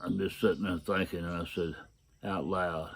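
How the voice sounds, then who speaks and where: A man's voice: low-pitched, steady tone, moderate pace, vocal fry, breathy edge. A man giving a personal testimony in a folksy, plain-spoken way, acting out the dialogue of his story.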